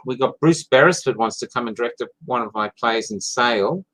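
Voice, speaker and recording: A man's voice: medium pitch, a little fast, fairly bright tone, poor audio. Enthusiastic man telling stories. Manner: enthusiastic storyteller, rambling with restarts. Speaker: playwright and theatre maker. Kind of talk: casual chat.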